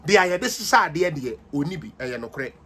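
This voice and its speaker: A man's voice: on the high side, expressive, fast talker, a bit bright, slight background noise. A Ghanaian-accented man hosting a livestreamed political commentary, combative and mocking as he switches between languages.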